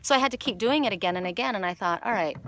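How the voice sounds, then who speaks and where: A woman from Canada giving an oracle card reading outdoors by the water, telling a story in a rambling, animated way with many restarts. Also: medium pitch, very fast, a little hiss or hum. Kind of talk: casual spiritual message. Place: outdoors by water with jumping fish.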